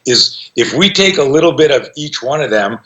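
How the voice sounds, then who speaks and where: A man's voice: medium pitch, lively intonation, normal speed, bright, forceful tone, dull audio. A man in his fifties, a self-defense instructor and podcast guest, tells stories with energy, swears freely and acts out what people said. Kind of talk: animated storytelling.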